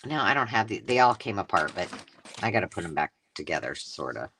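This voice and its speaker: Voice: low-pitched, big pitch swings, fairly quick, sharp tone, slight background noise. A craft host chatting casually on a live stream, rambling through stories and cutting off her own sentences as she unboxes finds at home. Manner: rambling, self-interrupting storyteller.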